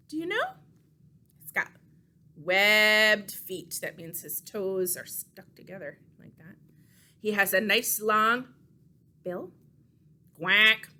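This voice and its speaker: A young adult woman, a children's librarian leading a baby storytime with songs and puppets, gentle and playful in a sing-song way. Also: medium pitch, animated, measured pace.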